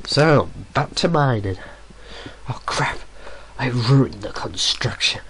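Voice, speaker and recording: A man's voice: medium pitch, expressive, slow pace, fairly bright tone, a little hiss or hum. A young man giving casual, rambling gameplay commentary at home, hesitating often with fillers. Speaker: let's play gamer. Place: room at home.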